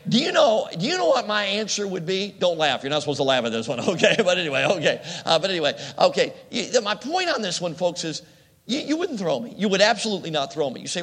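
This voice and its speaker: A man preaching a sermon in a lively, conversational way, often putting questions to the congregation. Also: high voice, a little fast, husky. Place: church hall. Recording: long hall reverb.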